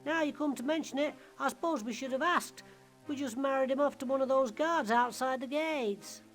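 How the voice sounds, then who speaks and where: A woman's voice: sits high, normal speed, faint music behind, natural voice. A woman voicing a blunt folksy peasant. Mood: matter-of-fact. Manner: folksy, matter-of-fact, chatty.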